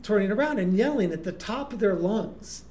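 A man, a guest performer, telling casual anecdotes in an animated way with frequent restarts. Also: high voice, normal speed. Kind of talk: casual storytelling.

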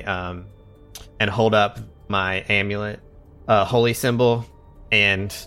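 A man's voice: lowish voice, pushed and bright. A man playing a tabletop game, speaking hesitantly with many restarts. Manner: hesitant, stammering, full of restarts. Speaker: player. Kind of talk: tabletop role-play.

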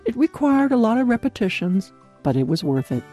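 A woman giving a devotional talk in an earnest, clearly enunciated way, laughing often. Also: a little high, big pitch swings, brisk, warm tone, faint music behind. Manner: clear, carefully enunciated delivery. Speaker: devotional speaker.

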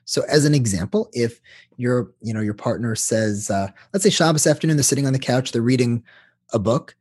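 A man who works as a couples therapist, explaining in an animated way during an interview. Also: medium pitch, brisk, husky.

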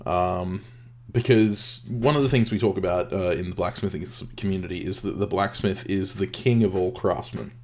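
A man's voice: deep voice, normal speed. A man co-hosting a craft podcast in casual chat, rambling with many restarts and frequent laughter. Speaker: podcast co-host.

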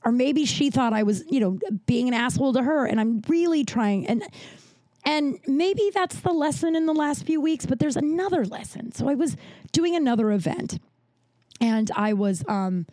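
A woman's voice: lively intonation, moderate pace, warm tone, no echo. A woman hosting a podcast, telling a story in a casual, candid way, swearing freely and acting out what others said. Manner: candid, swears freely, acts out quoted dialogue with big pitch jumps. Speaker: podcast host.

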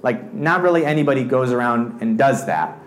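A man's voice: medium pitch, animated, normal speed, a little hiss or hum. A man reading a Bible passage aloud and explaining it in a loose, conversational way, like a youth pastor. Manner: reads scripture then explains it in a loose, conversational way. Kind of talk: casual Bible teaching.

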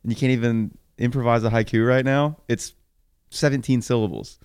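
Podcast co-host, male, smooth clear voice, dry close sound, quick to laugh and tease. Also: mid-range voice, steady tone, a little mellow, no room sound. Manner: joking, laughs often, teasing. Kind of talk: casual sports podcast chat.

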